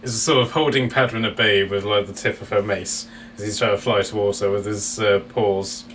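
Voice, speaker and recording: A man's voice: on the low side, fairly even intonation, normal speed, a bit bright, a little hiss or hum. A man running a tabletop game as dungeon master, narrating with a giggly, rambling delivery full of fillers.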